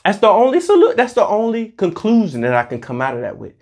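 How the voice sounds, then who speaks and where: Animated profane ranting vlogger. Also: medium pitch, fast talker. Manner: profane, heated and preachy; swings between loud outbursts and muttered asides. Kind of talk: ranting monologue to camera.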